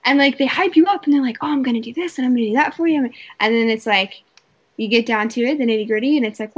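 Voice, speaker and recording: A woman's voice: on the high side, lively intonation, quick pace, slightly rough, poor audio. A woman co-hosting a casual chat over a call, telling blunt, profane stories. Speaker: co-host.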